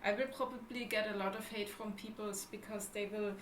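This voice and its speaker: A woman's voice: mid-range voice, fairly even intonation, a little fast. A woman from Germany with a German accent, co-hosting a casual livestream chat and often searching for words. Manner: chatty, restarts sentences, searches for words. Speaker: livestream co-host. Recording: echoey room with faint background noise.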